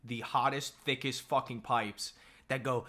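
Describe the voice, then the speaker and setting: A young man co-hosting a casual comedy chat, teasing and quick to react. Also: mid-range voice, steady tone, noisy background. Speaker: podcast co-host.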